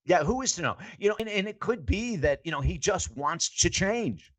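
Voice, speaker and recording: An older man, a sports psychology coach, telling lively stories in a podcast interview and acting out the quotes. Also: high-pitched, normal speed. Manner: animated storyteller, acts out quotes.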